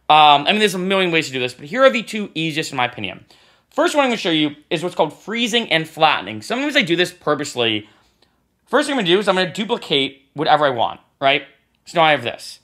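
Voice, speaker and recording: Man, lively and bright, casual software tutorial host, asks "right?" often. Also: a little high. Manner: casual, talks while clicking, says "right?" often. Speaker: music production tutor. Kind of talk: screen-recorded software tutorial.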